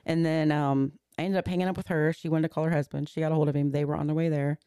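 A woman's voice: low voice, steady tone, fast, warm tone, smooth, dry recording, clean studio sound. A woman in her forties, a podcast guest, earnestly recounting a personal story step by step and slipping into the words of the people in it. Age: 40s.

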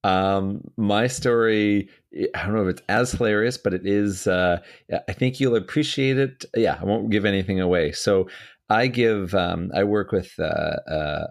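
A man with a low voice co-hosts a physio podcast. He tells his own clinic story in an easygoing, measured way and chuckles along with his co-host. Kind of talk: casual storytelling chat.

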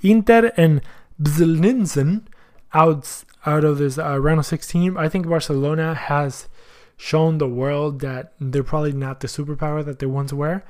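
A man's voice: a little high, fairly even intonation, moderate pace, a little mellow. A man hosting a soccer podcast in casual chat, slangy and thinking aloud as he goes. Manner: chatty, thinks aloud, asks himself questions.

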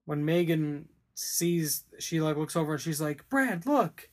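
A man's voice: on the high side, flat delivery, unhurried, a little mellow. A man co-hosting a casual podcast, rambling through a movie recap with laughs and crude jokes. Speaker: podcast co-host. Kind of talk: casual movie discussion chat.

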